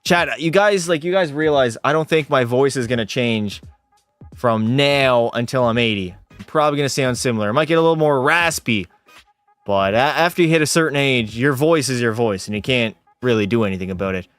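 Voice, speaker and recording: A man's voice: medium pitch, fairly quick, smooth, no room sound, soft background music. A man streaming a hockey video game live, calling plays like a commentator and bantering and swearing with his chat. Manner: excitable play-by-play calls, swears and banters with chat.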